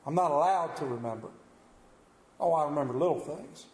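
A middle-aged man preaching in a church, his voice high and ringing in a roomy sanctuary. He tells folksy, self-deprecating stories with animated swings in his delivery. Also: fairly quick. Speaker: pastor. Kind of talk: sermon with storytelling.

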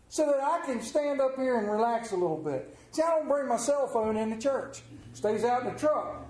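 A man with a high voice preaches a conversational sermon, spinning folksy, humorous stories. The sound carries a roomy church echo. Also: expressive, unhurried, a little mellow. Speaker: lay preacher. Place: church sanctuary.

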